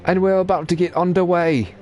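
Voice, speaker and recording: A man's voice: high voice, steady tone, fairly quick, darkish tone, faint music behind, pitched above the performer's own voice, lightly acted. A man putting on a British accent to voice a formal race announcer. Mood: announcing. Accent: put-on British.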